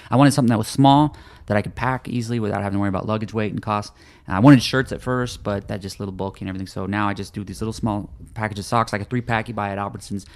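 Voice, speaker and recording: Fast-talking man, stumbling restarts. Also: on the low side, fairly even intonation. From United States. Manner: rapid, repeats words when starting sentences. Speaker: guest author. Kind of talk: casual interview chat.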